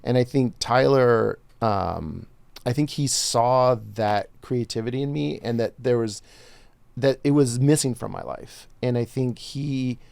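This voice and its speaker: Gravelly-voiced man, earnest and emotional. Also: medium pitch, a little slow, darkish tone, dry recording. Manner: earnest, openly emotional, laughs through his words. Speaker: podcast co-host. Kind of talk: casual chat.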